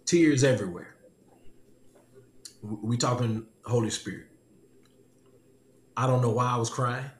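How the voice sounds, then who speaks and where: This podcast host has a mid-range voice and takes his time, pausing often as he tells a personal story with animation, laughing often and repeating lines. The casual testimony chat carries slight background noise and was captured in an echoey room with faint ambience.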